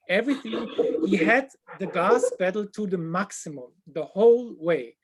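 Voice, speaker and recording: A man with as his telling a funny tour story in casual chat, animated and dropping to a hushed voice at embarrassing moments. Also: sits high, moderate pace, very noisy.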